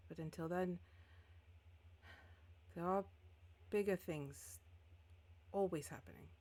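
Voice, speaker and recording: A woman's voice: lowish voice, slow, darkish tone. A woman voicing a secretive young male mage who speaks formally and guardedly.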